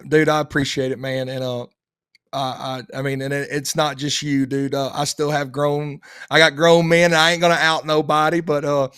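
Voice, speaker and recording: A podcast co-host with a fairly high, slightly bright voice talks at a moderate pace with flat delivery in a casual chat, rambling and restarting often. The sound is clean and dry, like a studio recording.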